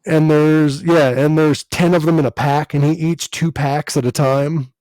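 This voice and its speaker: A man's voice: on the high side, fairly even intonation, a little slow, a little mellow, no room sound. A man who hosts a podcast and does comedy, chatting casually, swearing freely and laughing often. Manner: profane, laughs often, tells stories animatedly. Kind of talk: casual chat.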